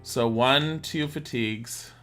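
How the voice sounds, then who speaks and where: A man's voice: medium pitch, takes it slowly, fairly bright tone. A man chatting sarcastically through a video game, talking to his chat as he plays. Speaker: streamer. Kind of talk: casual gameplay commentary. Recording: game music behind voice.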